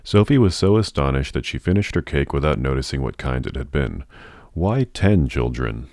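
Man reading a novel aloud, really deep voice, dead dry sound. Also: lively intonation, brisk, darkish tone, no room sound. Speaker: narrator. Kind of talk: audiobook narration.

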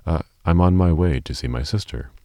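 A man's voice: low-pitched, brisk, warm tone, no room sound, studio quality, pitched above the performer's own voice. A man voicing a timid stammering young woman. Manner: stammering, nervous. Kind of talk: audiobook reading.

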